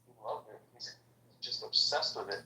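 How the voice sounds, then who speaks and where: A man's voice: fairly low pitch, moderate pace, gravelly, sharp tone. Blunt teasing man, echoey room. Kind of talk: casual chat. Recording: echoey room, far from mic.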